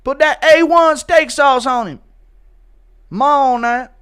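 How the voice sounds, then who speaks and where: A man putting on the voice of excited young cornermen yelling catchphrases from the corner. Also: slow, exaggerated voice. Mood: shouting. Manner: loud, high, chanting catchphrases. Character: shouting young fight cornermen, rowdy and excited.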